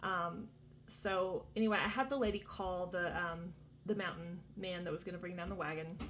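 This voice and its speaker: A woman's voice: lowish voice, fairly even intonation, normal speed, background noise. A woman in her thirties talking casually from a vacation cabin, sharing an earnest faith testimony full of fillers and asides. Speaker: Christian vlogger.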